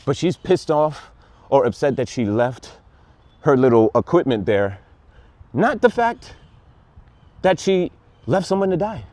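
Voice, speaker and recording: A man's voice: fairly high pitch, big pitch swings, measured pace, pauses often, darkish tone, no room sound. A man giving a casual, rambling and sarcastic review of a TV show, plainly exasperated.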